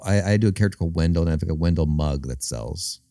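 A man talking casually as a podcast guest, halting and restarting a lot, sometimes slipping into funny voices. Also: low-pitched, mellow, dry recording, studio quality. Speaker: comedian guest.

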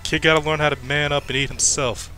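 A man's voice: on the high side, level tone, fast talker, sharp tone, pitched above the performer's own voice, low-quality recording. A man putting on a brash young New York tough boy in a hammed-up New York accent, with game music behind. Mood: dismissive. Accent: put-on New York. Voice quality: over-the-top, laughing through it.

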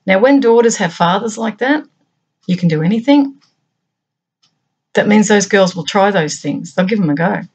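A middle-aged woman hosting her own channel, musing aloud in a reflective monologue of short, halting phrases. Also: medium pitch, slightly rough. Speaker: channel host.

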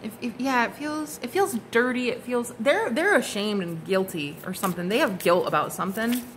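A woman's voice: a little high, expressive, moderate pace, slight background noise. A woman giving a casual, gushing tarot reading to her viewers, exclaiming and swearing freely as she turns the cards. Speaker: tarot card reader.

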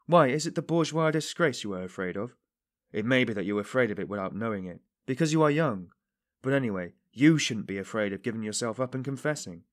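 An earnest middle-aged investigator, read by a man, presses and pleads with a suspect, fervent and preachy. The voice sits in a mid range and often lifts higher and louder as he urges. It is audiobook narration. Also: animated, fast, lightly acted.

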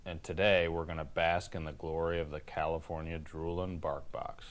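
A man voicing a laid-back, mischievous male dog, deadpan and slow in his banter. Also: low voice, close to an everyday voice. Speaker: show host. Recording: noisy home recording.

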